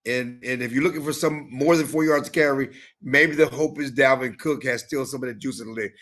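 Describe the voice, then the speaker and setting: A man co-hosting a sports podcast in casual chat, animated and given to repeating himself. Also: medium pitch, fairly quick. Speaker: podcast co-host.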